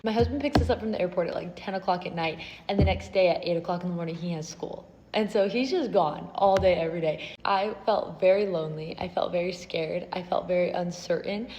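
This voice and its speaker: A young woman telling an earnest, emotional story from her own life as a vlogger, with soft laughs now and then. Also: lowish voice, brisk, hardly any pauses, lo-fi sound. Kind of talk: personal storytelling. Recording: slight hall reverb, faint noise.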